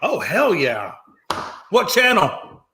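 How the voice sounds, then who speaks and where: A man co-hosting a casual sports talk show, joking loudly and drawing out emphatic phrases. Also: high voice, huge pitch swings, a little hiss or hum. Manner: joking, loud and blustery, drawn-out emphatic phrases.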